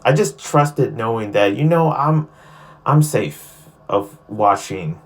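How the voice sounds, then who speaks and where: A man reviewing a show in casual podcast talk, chatty and excitable, who often breaks into playful impressions. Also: medium pitch, slow.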